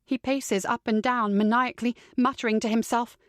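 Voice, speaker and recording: A woman's voice: fairly high pitch, fairly even intonation, normal speed, a bit bright, dry recording, studio quality. A woman narrating a first-person psychological thriller audiobook in a tense, dramatic way.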